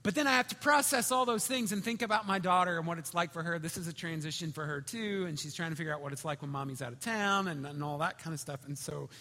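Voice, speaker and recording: Chatty pastor in a reverberant hall. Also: male voice, on the high side, quick pace, hardly any pauses. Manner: conversational storytelling, swings between loud and whispered. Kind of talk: sermon.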